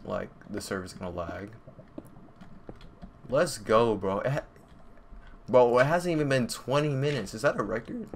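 Young male gaming YouTuber, casual excitable commentary, heavy slang, desk mic, faint fan hum in the room. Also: medium pitch, moderate pace, pauses often. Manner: excitable, slangy, talks to himself and viewers. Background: computer fan noise and keyboard clicks.

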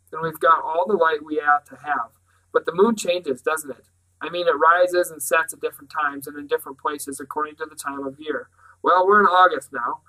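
A thoughtful boy reasoning a problem through, as a man reading a storybook puts him on. Bright, fairly high voice with an earnest, careful manner. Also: poor audio.

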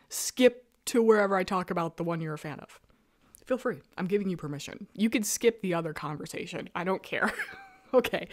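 A woman hosting a casual talk show, chatting about comics in an animated, self-mocking way and laughing often. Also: fairly low pitch, no echo, clean studio sound. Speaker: podcast host reviewing webcomics. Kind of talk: casual chat. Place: rural home.

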